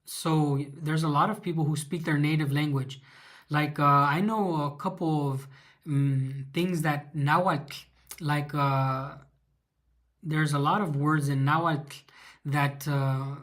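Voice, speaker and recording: A man's voice: on the high side, fairly even intonation, takes it slowly, a bit bright. Rambling man hosting a live chat. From California. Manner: rambling, many fillers, reads chat aloud. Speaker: livestream host. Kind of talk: casual livestream chat.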